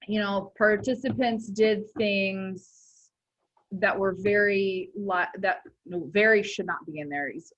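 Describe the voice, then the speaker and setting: A woman's voice: medium pitch, a bit bright, muffled recording. A young woman teaching a class in a casual, chatty way, full of filler words and self-corrections. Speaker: instructor.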